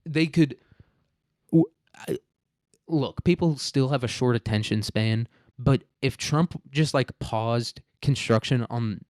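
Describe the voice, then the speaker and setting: A man's voice: medium pitch, measured pace, hardly any pauses, no room sound, studio quality. A man hosting a casual current-events commentary show, rambling and joking with plenty of profanity. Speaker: show host. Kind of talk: casual political commentary podcast.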